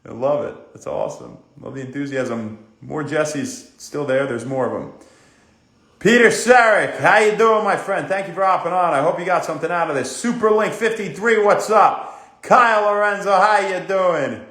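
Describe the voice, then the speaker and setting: A man, hosting a casual wellness livestream, greeting viewers by name and giving fast, upbeat health tips. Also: a little high, a bit bright. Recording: echoey room.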